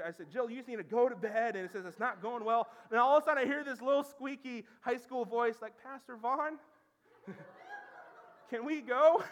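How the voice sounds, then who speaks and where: A male pastor in his thirties delivers a sermon, his voice sitting fairly high for a man. He spins funny stories with animated energy, then sinks low and soft when he drives a point home.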